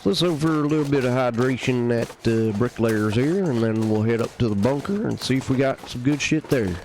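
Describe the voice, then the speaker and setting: A man's voice: medium pitch, fairly quick, darkish tone, a little hiss or hum. A man giving casual gameplay commentary on a live stream, wry and joking as he plays. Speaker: game streamer.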